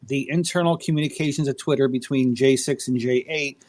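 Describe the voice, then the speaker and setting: A man's voice: mid-range voice, fairly even intonation, brisk, darkish tone. A man hosting a casual online audio chat, joking and swearing freely as he reads a thread aloud. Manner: irreverent, jokey, swears freely. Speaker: discussion host reading a thread aloud. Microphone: phone app audio room.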